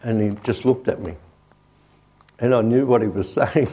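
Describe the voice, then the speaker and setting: A man's voice: mid-range voice, moderate pace, dark tone, slightly rough. A male pastor giving a sermon and a prayer while kneeling, telling a story in a conversational way with frequent "you know".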